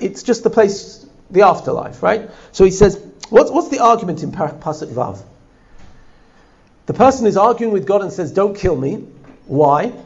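A man's voice: fairly high pitch, dull audio. A man teaching a text-study class, translating line by line and checking in with his listeners. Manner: animated, translating line by line with frequent "right?". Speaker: Torah teacher.

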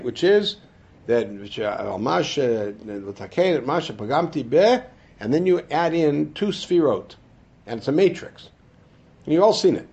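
A man teaching a Torah class, asking the room rhetorical questions and answering them himself, dropping into low asides and rising to emphatic high points. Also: creaky, a little mellow, slightly rough, muffled recording. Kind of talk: classroom lecture.

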